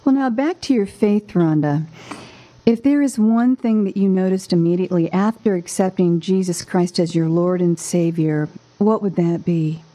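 A woman's voice: fairly low pitch, normal speed, dark tone. A woman hosting a radio interview show, asking questions and making effusive, polished announcements.

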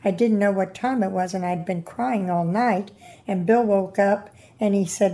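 Woman, older, mellow voice, earnest personal testimony, interview guest. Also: medium pitch, moderate pace. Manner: earnest storytelling, quoting others.

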